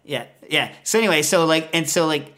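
A man hosting a podcast, telling a rambling, animated story in casual chat. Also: on the high side, brisk. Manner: rambling, animated, lots of fillers. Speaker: podcast host.

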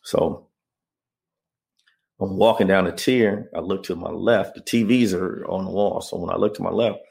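Man, very low voice, gravelly, earnest storytelling, interview guest. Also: steady tone, normal speed, darkish tone. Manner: earnest, keeps asking "you know what I mean?". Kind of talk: emotional personal storytelling.

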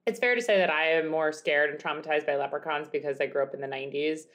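Slightly low-voiced woman in her 30s, tired, swears a lot, says like constantly, laid-back podcast chat. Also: quick pace, a bit bright. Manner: laid-back, swears often, lots of "like" fillers. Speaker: podcast co-host. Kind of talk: casual chat.

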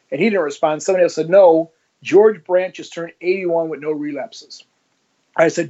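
A man's voice: fairly high pitch, brisk. Guy telling his story in an interview, does all the voices in it, kinda muffled audio. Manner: animated, acts out dialogue in his stories. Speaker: interview guest, former police officer. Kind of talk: conversational storytelling.

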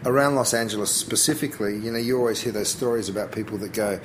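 A middle-aged man with an Australian accent, talking casually as an interview guest, chatty and relaxed, often restarting his sentences with fillers. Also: fairly low pitch, fast, a little hiss or hum, rough recording.

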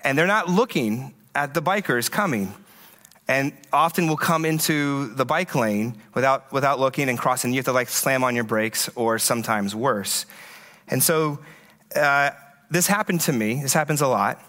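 A man preaching a conference sermon, telling stories in a conversational, animated way with frequent restarts. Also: medium pitch, moderate pace. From USA. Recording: echoey hall with long reverb.

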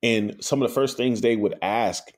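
A man's voice: mid-range voice, moderate pace. A man with a Southern American accent, a pitmaster guest telling easygoing stories and repeating words as he starts his thoughts. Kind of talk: interview storytelling.

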